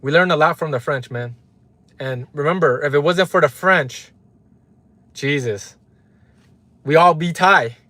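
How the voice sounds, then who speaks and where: A livestream host from Los Angeles, United States, speaks with a fairly high, bright, forceful voice at a measured pace, pausing often, in a dry recording. His rant to the chat is heated and frequently profane, with viewers' names read out and "right?" repeated for emphasis.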